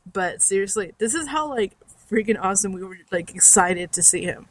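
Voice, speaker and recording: A woman's voice: mid-range voice, steady tone, moderate pace, noisy background. A young woman fan chatting casually to her listeners, bubbly and rambling with lots of likes and ums. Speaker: fan podcaster. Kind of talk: casual chat.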